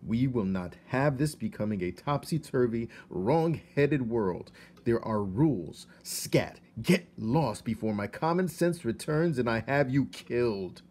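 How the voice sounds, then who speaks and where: Storybook king, pompous and commanding, booming, loud, slow, read by a man. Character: stern pompous middle-aged human king.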